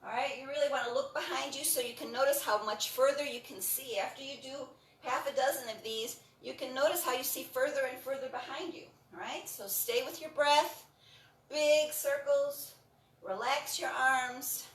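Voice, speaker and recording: A woman leading a breathing and stretching class, giving calm, encouraging cues and repeating them often. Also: sits high, brisk, hardly any pauses, far from the mic. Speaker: breathing and movement instructor. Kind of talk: guided exercise instruction. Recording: roomy sound from off the mic.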